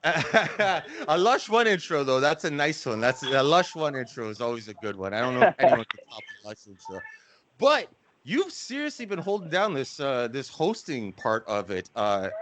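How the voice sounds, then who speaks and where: A man's voice: mid-range voice, animated, brisk, fairly bright tone. A man hosting a podcast in casual chat, laid-back, swearing and laughing often. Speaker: podcast host.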